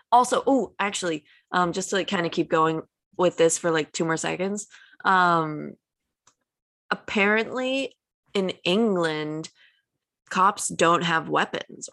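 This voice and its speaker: A woman's voice: lowish voice, slow pace, gravelly, fairly bright tone, dry recording, clean studio sound. A young woman co-hosting a podcast, chatting casually with lots of fillers and asides. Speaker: podcast co-host. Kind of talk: casual chat.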